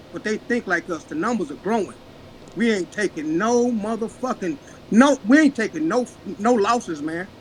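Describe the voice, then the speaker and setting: A man's voice: extremely high pitch, a bit bright, slight background noise, rough recording. Impassioned man in his fifties. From Oklahoma, USA. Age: 50s. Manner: impassioned, emotional. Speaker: caller. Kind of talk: casual chat.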